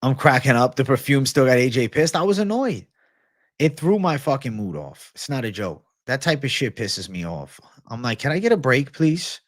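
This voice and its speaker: A man's voice: mid-range voice, big pitch swings, moderate pace, no room sound, clean studio sound. A man hosting a casual livestream Q&A, ranting with a lot of swearing and answering viewer comments. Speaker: livestream host.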